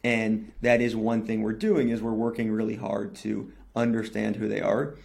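A man's voice: fairly low pitch, little pitch movement, normal speed, gravelly, darkish tone. A young man, a company founder, giving fluent, businesslike answers in a podcast interview and often adding "right?". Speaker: newsletter company CEO, guest.

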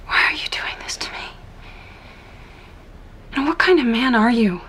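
A woman's voice: on the high side, animated, a little slow, a bit bright, husky, exaggerated voice. An actress playing a heartbroken woman who angrily turns away her lover in a TV drama. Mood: hurt, accusing. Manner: tearful, accusing. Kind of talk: TV drama acting.

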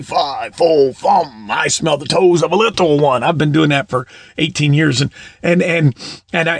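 A man's voice: on the high side, creaky, no room sound. A middle-aged man preaching in a casual storytelling way, often repeating his words. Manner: warm anecdotal, repeats words, laughs at own stories.

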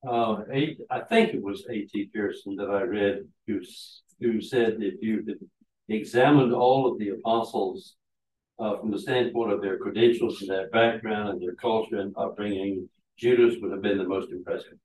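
A man in a Bible class making measured, thoughtful remarks in the discussion. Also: fairly low pitch, steady tone, a little mellow. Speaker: class member. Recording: echoey room, mic at a distance.

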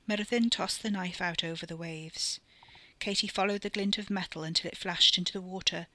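Female podcast storyteller, steady expressive narration, bright tone, dry close mic. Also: on the low side, moderate pace, no echo.

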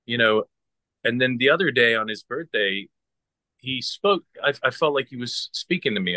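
Earnest man caller, halting delivery, bright forceful tone. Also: mid-range voice, dry recording. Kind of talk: personal storytelling on a video call. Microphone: video call.

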